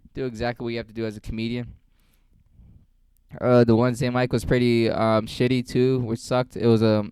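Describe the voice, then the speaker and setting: A man's voice: lowish voice, a little mellow, smooth, dry recording. A young man, a stand-up comedian, rambling through a casual vlog with lots of swearing and self-mockery. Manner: rambling, profane, self-mocking.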